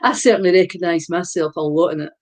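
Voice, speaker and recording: A woman's voice: on the low side, quick pace, a little mellow, low-quality recording. A woman co-hosting a casual chat, talking in a reassuring, reflective way and repeating phrases as she thinks. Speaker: podcast co-host.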